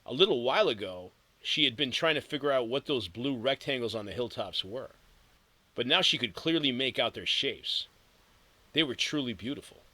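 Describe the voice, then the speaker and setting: A man narrating an audiobook in a steady storytelling read with vivid emphasis. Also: medium pitch, moderate pace, dry recording, poor audio.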